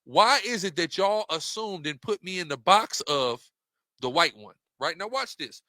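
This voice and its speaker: A man's voice: sits high, animated, measured pace, sharp tone, dry recording, studio quality. A man giving an impassioned, rhetorical monologue while walking through slides, repeating questions for emphasis. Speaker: religious debater presenting slides.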